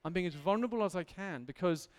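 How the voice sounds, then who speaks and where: A man's voice: high voice, fast, darkish tone. A man preaching an earnest, candid sermon in a church hall, building to emphatic intensity.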